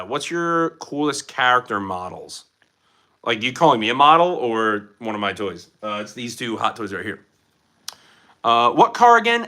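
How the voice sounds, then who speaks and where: Male streamer, bright lively voice, jokey, answers chat from a room at home. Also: on the high side. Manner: animated, jokey, reacts to chat questions. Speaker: livestreamer reading chat. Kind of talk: casual livestream chat. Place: room at home with collectible figures.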